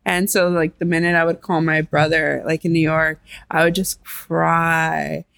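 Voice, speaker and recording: A woman's voice: low-pitched, little pitch movement, moderate pace, gravelly, fairly bright tone, dry recording. A woman guest in a casual interview, talking in a chatty way with lots of "like" and acting out what other people said. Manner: chatty, fills with "like", quotes others in voices. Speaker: artist guest.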